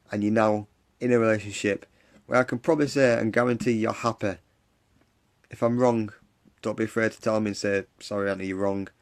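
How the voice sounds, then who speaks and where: Earnest low-voiced man. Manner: earnest, repetitive pep talk, reads and answers comments. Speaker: live stream host for a support group. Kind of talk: encouraging livestream talk. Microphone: phone or webcam on a live stream.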